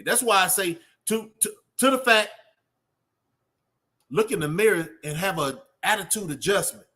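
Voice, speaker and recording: Bright-voiced streetwise man preaching. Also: high-pitched, normal speed. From Texas. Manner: streetwise preaching, rambling with fillers and repeated 'man'. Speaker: channel host. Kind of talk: off-the-cuff motivational talk.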